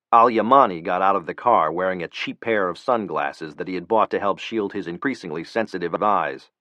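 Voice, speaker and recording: A man narrating a thriller audiobook in an even, measured reading. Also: on the low side, no room sound. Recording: dry close studio.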